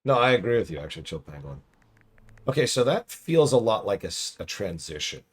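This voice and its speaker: Man, hoarse, husky, lively delivery, casual live-stream game review. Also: fairly low pitch, a little fast. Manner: chatty, thinks aloud, restarts. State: hoarse, losing his voice.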